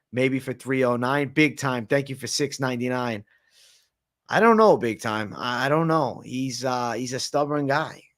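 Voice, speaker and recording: Laid-back slangy man hosting a livestream. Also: medium pitch. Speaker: MMA livestream host. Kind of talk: casual late-night livestream Q&A.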